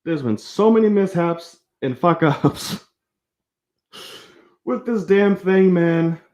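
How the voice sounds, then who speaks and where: A man's voice: high-pitched, lively intonation, slow, darkish tone. A man hosting a live-streamed sports show, giving heated, profane opinions and speaking straight to his viewers. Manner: addresses viewers directly.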